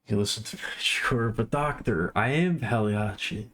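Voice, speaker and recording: A man's voice: on the low side, unhurried, fairly bright tone. A man livestreaming, rambling casually and poking fun at himself while chatting with his viewers.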